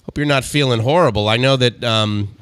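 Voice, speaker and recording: A man with a bright, forceful tone hosts a casual live-stream chat, upbeat and joking while he moves the talk along. His voice sits in a middle range and is recorded dry and close. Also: mid-range voice, brisk, clear, resonant tone, dry recording. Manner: upbeat, joking, steering the conversation.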